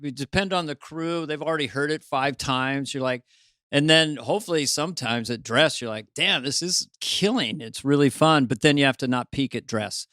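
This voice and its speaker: Smooth-voiced man in casual chat. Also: medium pitch, a little fast, fairly bright tone, no room sound, clean studio sound. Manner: storytelling, jokey asides. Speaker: podcast co-host.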